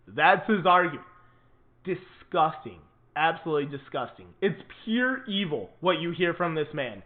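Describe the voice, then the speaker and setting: A man hosts his own political commentary show with an indignant, emphatic delivery, hammering points home by saying them twice. His voice sits fairly high. The sound is thin and tinny, as if it came over a phone line. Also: big pitch swings, a little slow. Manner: indignant, emphatic, repeats for stress.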